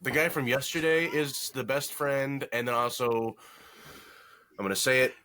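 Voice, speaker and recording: A man chats casually as a podcast co-host, rambling through his thoughts and catching his own slips with a joke. His voice is bright and forward, at a middle pitch. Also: normal speed, a little hiss or hum. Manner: rambling, self-correcting, jokey. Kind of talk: casual movie review chat.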